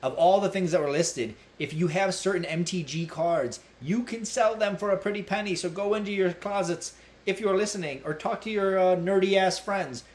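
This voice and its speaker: A man's voice: high-pitched, moderate pace. A man from the United States, co-hosting a casual podcast and answering questions in an easygoing, mock-formal way. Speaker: podcast co-host.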